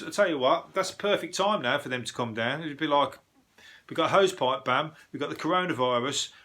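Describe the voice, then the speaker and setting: A man's voice: mid-range voice, pushed and bright. A man, hosting a casual comic news podcast, rambling, swearing and losing his thread. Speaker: podcast host, comedian. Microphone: cheap earbuds mic.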